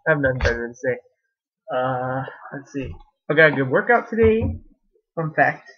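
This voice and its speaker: A man's voice: mid-range voice, expressive, normal speed, husky, lo-fi sound. A young man in a casual vlog at home, rambling and sarcastic about college, laughing often, recorded on a webcam. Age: young adult. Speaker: vlogger.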